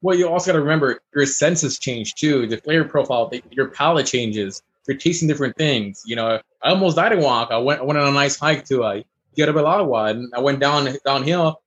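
Fast-talking husky man chef. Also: medium pitch, muffled recording. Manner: fast, animated storyteller. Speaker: chef guest. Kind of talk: casual chat.

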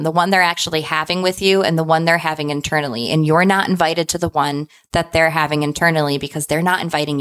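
Woman, lower register, chatty storyteller who keeps checking in with "right?". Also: fairly bright tone. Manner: chatty, tags lines with "like" and "right?". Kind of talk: casual personal anecdote.

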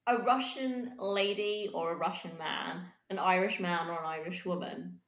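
Co-host: English woman, animated storyteller, roomy echoey sound. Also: on the low side, moderate pace. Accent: neutral southern English. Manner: lively, animated storytelling, frequent laughter. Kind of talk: casual chat.

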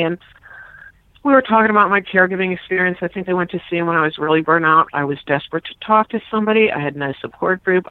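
A middle-aged woman from Pittsburgh talks freely as a guest, emotional and quick to restart her sentences. The sound is thin and phone-like. The room is dead and dry around her. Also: on the low side, no echo. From Pittsburgh, United States. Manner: emotional, talkative, lots of restarts. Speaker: guest, author and former caregiver. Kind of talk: casual interview conversation.

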